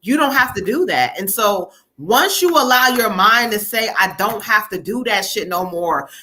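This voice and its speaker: Chatty bright-voiced woman giving readings. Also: mid-range voice, animated, moderate pace. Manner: chatty, laughs often, relays spirit messages. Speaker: psychic reader hosting a live stream. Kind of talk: live tarot reading.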